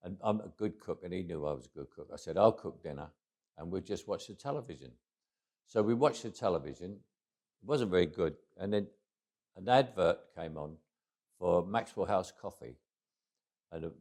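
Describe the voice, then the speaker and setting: Deep-voiced old raconteur. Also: male voice, darkish tone. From England. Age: 80s. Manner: anecdotal, with frequent restarts and chuckles. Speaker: guest. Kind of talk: storytelling interview.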